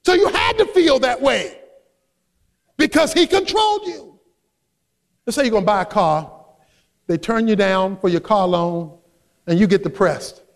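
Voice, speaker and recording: A man with a very high voice for a man preaches a sermon. He is emphatic and builds from quiet asides to shouted high points, like a pastor working his congregation. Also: expressive, a little slow, vocal fry, long pauses, long reverb tail. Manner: emphatic preaching, swinging between soft asides and shouted peaks.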